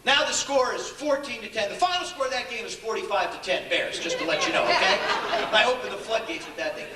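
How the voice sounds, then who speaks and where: Bright-voiced older man giving a speech. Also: high-pitched, fast talker, some chatter behind, a little hiss or hum. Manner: animated storyteller, acts out dialogue, chuckles often. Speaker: keynote speaker. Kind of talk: humorous motivational speech. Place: large echoey hall with an audience. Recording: echoey hall, distant mic, faint ambience.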